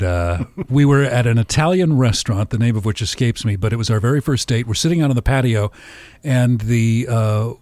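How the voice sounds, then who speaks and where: A man's voice: mid-range voice, darkish tone, dry recording. Dry-humored man telling a story. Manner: anecdotal, dry joking delivery. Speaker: podcast co-host. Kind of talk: casual storytelling chat.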